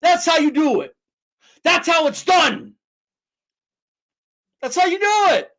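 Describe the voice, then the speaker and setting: A man with a notably high voice rants live on a stream, heated and mocking, swearing freely as he talks boxing. His tone swings between scornful jabs and loud outbursts. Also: very animated, slow.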